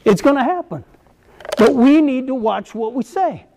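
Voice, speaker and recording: A man's voice: extremely high pitch, expressive, normal speed, warm tone, slight background noise. A middle-aged man preaching to husbands and fathers, earnest and exhortative, repeating his key phrases. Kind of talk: sermon to men.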